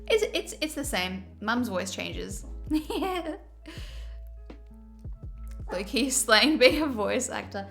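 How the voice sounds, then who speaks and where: A woman chatting casually on a livestream, animated and quick to laugh. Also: a little high, vocal fry, faint music behind. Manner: chatty, giggly, animated storyteller.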